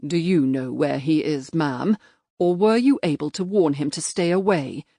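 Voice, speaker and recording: A woman voicing a stern male major and magistrate who talks in clipped, threatening, quietly forceful lines. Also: low-pitched, normal speed, dry recording, studio quality.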